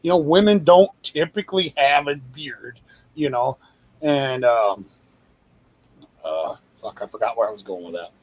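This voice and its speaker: A man's voice: medium pitch, measured pace, no echo. A man chatting casually as a podcast host, rambling with many fillers and restarts and swearing freely. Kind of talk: casual chat.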